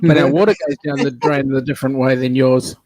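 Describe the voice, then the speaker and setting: A man's voice: medium pitch, steady tone, fairly quick, darkish tone. A man with an Australian accent in casual chat, teasing the others with dry jokes. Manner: joking, teasing banter.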